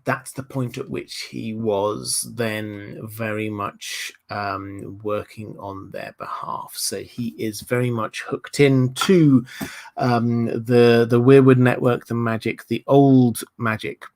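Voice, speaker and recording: A man's voice: medium pitch, fairly even intonation, takes it slowly, vocal fry, darkish tone. A man with a Southern English accent, from Hampshire, hosting a livestream and answering viewer questions in a thoughtful, hesitant way with many ums and uhs. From Hampshire, England. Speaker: livestream host.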